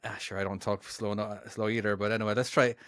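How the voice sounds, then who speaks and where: A man's voice: on the low side, flat delivery, quick pace, a bit bright, dry recording, studio quality. An Irish man co-hosting a podcast in casual chat, with hesitant restarts and self-deprecating remarks. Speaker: podcast co-host.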